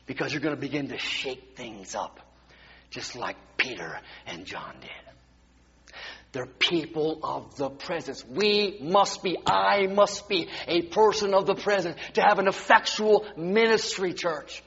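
Male preacher, husky high voice, dramatic sermon delivery, recorded dull in a reverberant church. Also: big pitch swings, measured pace. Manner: dramatic, swings from hushed whispers to loud exclamations. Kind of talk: sermon with storytelling. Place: church sanctuary.

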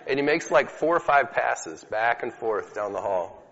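A man's voice: mid-range voice, lively intonation, normal speed, a bit bright. A man giving a conversational teaching talk to an audience, telling stories casually with fillers. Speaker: speaker teaching about healing prayer. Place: hall with a live audience. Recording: dull lo-fi recording in an echoey hall.

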